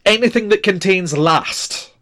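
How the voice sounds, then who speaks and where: A man's voice: high-pitched, a little slow, a bit bright. A man in his forties teaching a grammar lesson, patient and methodical, spelling out words letter by letter with frequent fillers. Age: 40s. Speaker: language teacher.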